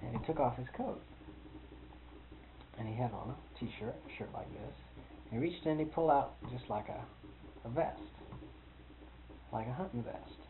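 A man's voice: medium pitch, animated, normal speed, long pauses. Storyteller, man, rambling and amused, tinny lo-fi recording with hiss. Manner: rambling, amused, chuckles often. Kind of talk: personal storytelling.

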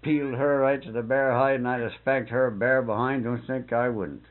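A man's voice: medium pitch, normal speed. Folksy man telling rural yarns. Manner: folksy dialect, swears and laughs, animated retelling. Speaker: storyteller. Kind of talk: casual rural storytelling. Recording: muffled phone-like old tape.

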